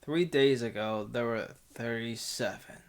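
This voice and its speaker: A man reading a visual novel aloud at an unhurried, drawn-out pace, breaking into laughter and side remarks. His voice sits in a middling range and the reading stays casual. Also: medium pitch, clear, resonant tone. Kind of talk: casual game playthrough narration.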